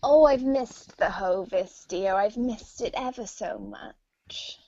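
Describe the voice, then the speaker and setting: Woman playing a soft, wistful old British wife, muffled call audio. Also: mid-range voice, takes it slowly.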